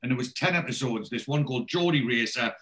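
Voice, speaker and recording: A man's voice: medium pitch, fast, fairly bright tone. A man in casual chat, rambling through a TV episode and quoting the characters in his own voice.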